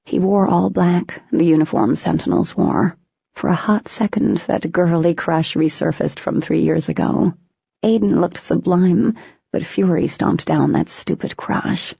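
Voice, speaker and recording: A woman's voice: fairly low pitch, measured pace, vocal fry, dark tone, slightly rough, no room sound. A woman reading a novel aloud in first person, with dramatic, tense storytelling. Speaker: audiobook narrator. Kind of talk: first-person scripted narration. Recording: dull lo-fi recording.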